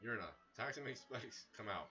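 A man giving casual, excitable commentary as he plays a video game, breaking into sudden loud outbursts. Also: fairly low pitch, a little fast, dull audio. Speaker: gaming streamer. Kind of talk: casual let's-play commentary.

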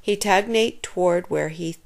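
A woman reads a children's chapter book aloud. She tells the story expressively. Her voice sits a little on the low side. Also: unhurried, vocal fry.

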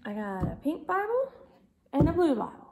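A woman's voice: sits high, huge pitch swings, moderate pace, phone-quality sound, heavy background noise. A woman teaching a Bible class to small children from home, in a sing-song, exaggerated way with songs and animal sounds.

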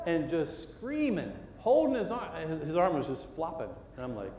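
A man's voice: a little high, lively intonation, brisk, roomy sound, in a large hall, a little hiss or hum. A middle-aged man preaching a sermon, telling a story with lots of energy and acting out the voices and sounds. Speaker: pastor. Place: church sanctuary.

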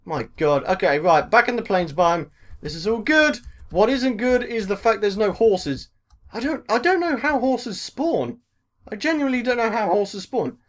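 A man with a British accent giving excitable let's-play commentary as a gaming video host, talking to himself, repeating phrases over and over and swearing mildly. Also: high-pitched, moderate pace. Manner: mild swearing, talks to himself.

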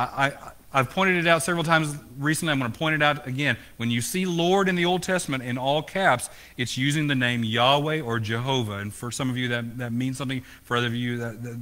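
A man's voice: medium pitch, pushed and bright. A man preaching a sermon as pastor, asking the congregation questions, his voice rising and falling. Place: church.

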